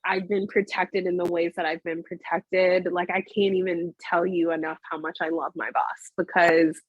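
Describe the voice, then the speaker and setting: Breathy-voiced woman speaking earnestly. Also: lowish voice, level tone, normal speed, no echo, lo-fi sound. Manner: earnest and emotional, many "like" fillers. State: tearful, voice breaking. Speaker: music industry executive, guest. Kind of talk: candid interview conversation.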